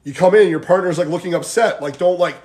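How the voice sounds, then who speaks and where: This high-sitting, slightly mellow voice talks fast as its owner leads a home fitness livestream over a phone. He rambles casually and motivationally, leaning heavily on "like" and "guys."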